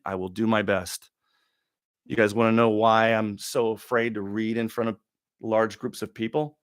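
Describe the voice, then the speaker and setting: A middle-aged man from Oregon hosting a livestream Q&A, talking in a rambling, confessional way with pauses and restarts. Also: fairly low pitch, dry recording, clean studio sound. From Oregon, USA. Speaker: livestream host. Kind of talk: casual livestream Q&A monologue.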